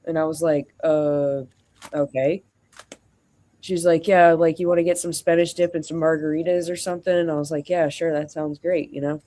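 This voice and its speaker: A streamer tells a long personal story in a loose, rambling way, full of "like" and "you know." The voice sits at an ordinary mid pitch and jumps between narration and acted-out quotes of both sides of the exchange. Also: flat delivery, moderate pace, dark tone. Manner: rambling, acts out quoted dialogue, frequent fillers. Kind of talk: venting casual storytelling.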